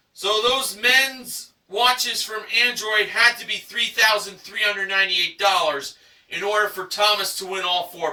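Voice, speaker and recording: A man's voice: high voice, pushed and bright, roomy sound, far from the mic, rough recording. A man recapping a game show episode in enthusiastic narration, stretching out dramatic price reveals.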